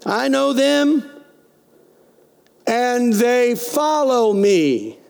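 A male pastor preaches in a high, gravelly voice. He talks folksy and direct, firing questions at the congregation. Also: sing-song, extremely slow, a little mellow. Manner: folksy preaching with call-and-response. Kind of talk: sermon.

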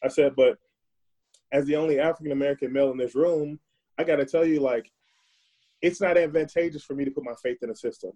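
A man's voice: a little high, fast talker, long pauses, dark tone. A man, a guest on a podcast, speaking earnestly and at length, often repeating words as he searches for what to say. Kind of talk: conversational, reflective monologue.

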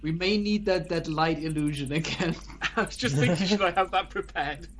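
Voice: medium pitch, moderate pace, fairly bright tone, a little hiss or hum. A player in a tabletop game, musing aloud and joking.

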